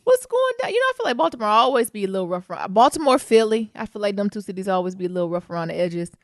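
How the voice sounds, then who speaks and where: A woman co-hosting a podcast in casual chat, animated and sassy. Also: mid-range voice, racing, dry recording, studio quality. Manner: animated, sassy, calls people honey. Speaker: podcast co-host.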